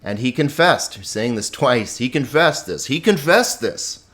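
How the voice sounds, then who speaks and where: A Greek teacher guides students through a grammar lesson slowly and deliberately, his ordinary medium-pitched voice animated and fairly bright. He stresses key words and lets out light chuckles while he explains.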